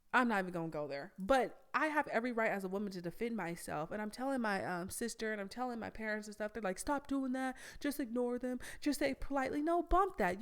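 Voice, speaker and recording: A young adult woman, hosting a podcast and telling a story in a blunt, animated way with plenty of swearing. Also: medium pitch. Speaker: podcast host. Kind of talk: casual storytelling monologue.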